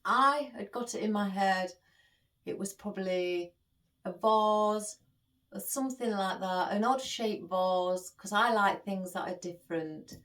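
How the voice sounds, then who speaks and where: Woman, florist, tearful, unhurried speech, a little far from the mic. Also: mid-range voice, a bit bright. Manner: emotional, chatty, addresses viewers directly. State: tearful, holding back tears. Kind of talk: casual vlog chat.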